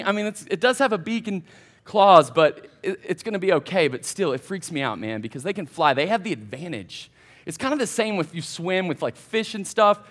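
A man, a college pastor telling a casual, animated story in a sermon to young adults. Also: sits high. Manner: folksy, animated, addresses crowd as y'all. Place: church hall.

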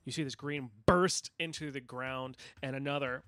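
A man's voice: medium pitch, fairly even intonation, normal speed, sharp tone, no echo. A man narrating a tabletop game as game master, apologetic and full of fillers. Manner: apologetic, stumbling with many fillers.

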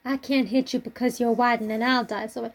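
Casting: young woman co-host, gravelly fry, slightly high, blunt and earnest. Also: flat delivery, brisk. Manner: blunt, earnest commentary with casual swearing. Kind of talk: casual chat.

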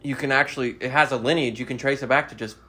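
A man's voice: medium pitch, steady tone, fast talker, pushed and bright, breathy edge. A man with a Southern US accent, co-hosting a podcast in casual chat and telling stories while mimicking the people he quotes. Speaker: podcast co-host.

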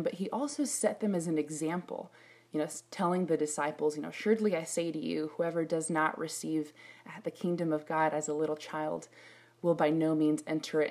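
In her sermon, the middle-aged woman's low-pitched voice carries animated personal stories, and she acts out her own prayers along the way.

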